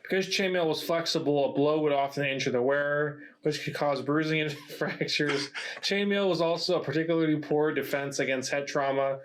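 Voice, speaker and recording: A man's voice: a little high, fairly even intonation, moderate pace, slight background noise, low-quality recording. A man co-hosting a podcast, reading research notes aloud in a casual chat and breaking into laughter. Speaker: podcast co-host presenting research.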